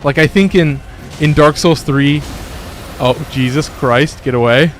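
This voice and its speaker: A man's voice: fairly high pitch, measured pace, soft background music. A young man streaming a game from his bedroom, chatting with viewers and swearing at enemies mid-fight. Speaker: gaming streamer. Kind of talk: casual live-stream commentary. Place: home bedroom. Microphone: phone.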